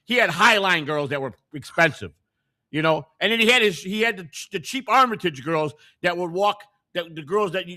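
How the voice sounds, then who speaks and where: A man hosting a casual conversation, talking emphatically and telling stories from his old neighborhood. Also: high voice. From Chicago. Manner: emphatic, animated storytelling.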